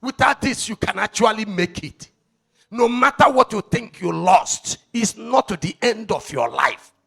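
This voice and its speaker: A man with a Nigerian accent preaching a sermon as an evangelist, swinging between shouted lines and low asides and asking the congregation rhetorical questions. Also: animated, a little slow, vocal fry, slightly rough.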